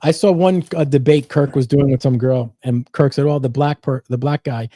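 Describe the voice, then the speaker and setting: A man's voice: mid-range voice, steady tone, moderate pace, dark tone, no room sound. A man co-hosting a talk show, giving short agreeing replies and reading viewer comments aloud. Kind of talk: casual chat.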